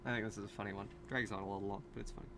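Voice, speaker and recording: A man's voice: lowish voice, fairly even intonation, racing, sharp tone. A man hosting a casual video commentary, rambling with many fillers, asides and restarts. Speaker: video host.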